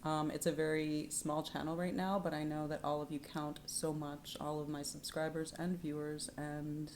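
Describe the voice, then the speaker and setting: A woman reading tarot cards in a spiritual vlog, soft-spoken and at times dropping to a whisper, livelier and laughing as she tells stories. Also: sits low, level tone, normal speed, slight background noise. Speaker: tarot reader. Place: home in Canada.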